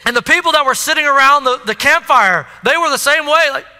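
Preacher, male, lively storyteller with a very high, bright voice, echoey sanctuary sound. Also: brisk. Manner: animated storytelling, addresses the crowd. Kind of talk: sermon. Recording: echoey hall.

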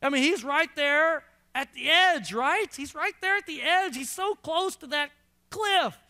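A man's voice: very high voice, expressive, pushed and bright. A male pastor preaching a sermon to a congregation, emphatic and repetitive, drawing out words to make his point. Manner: emphatic, repeats phrases, slows down for emphasis. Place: church before a congregation.

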